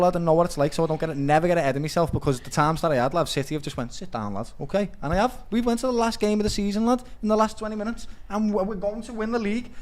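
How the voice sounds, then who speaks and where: A man on a football podcast panel, chatting casually and tagging "lad" onto his sentences. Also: fairly high pitch. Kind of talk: casual chat.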